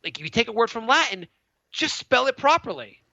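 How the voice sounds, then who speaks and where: Very high-pitched with vocal fry, this thirtysomething podcast co-host talks a little fast in a casual, animated ramble, stammering and restarting often. The sound is dull and lo-fi, dry with no echo.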